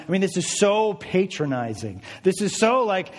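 A male pastor preaches in a lively, chatty manner, often turning to his listeners with quick questions. His voice sits a little high for a man. A long reverb from a large hall hangs on his words. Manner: lively, conversational, asks the audience. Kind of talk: sermon.

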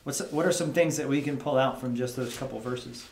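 A man's voice: medium pitch, fairly quick, vocal fry, a little mellow, slight background noise. A man leading a midweek Bible study in an office. He talks conversationally, keeps checking in with the group by asking "right?", and dramatizes the prayers he reads. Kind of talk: casual Bible study teaching. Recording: echoey room.

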